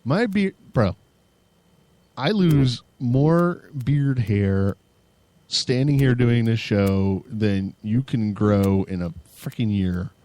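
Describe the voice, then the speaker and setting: A weary man co-hosting a laid-back podcast has a mid-range, warm and expressive voice and takes his time. Goofy throughout, he lapses into parody radio-DJ and metalhead voices, swears freely and laughs a lot, with no room sound.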